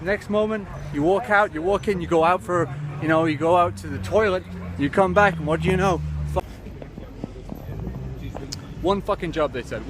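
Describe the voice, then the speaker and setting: A man's voice: sits high, moderate pace. Sweary rambling man, traffic behind. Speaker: comedy vlogger. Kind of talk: absurd comic rant to camera. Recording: clear traffic noise outdoors.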